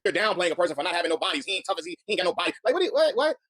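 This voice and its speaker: Guy ranting fast on his commentary stream, earnest, dry close sound. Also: sits high, sing-song, a bit bright, no echo. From Chicago. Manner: heated, earnest, repeats words as he builds a point. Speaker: commentary channel host. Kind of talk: reaction commentary.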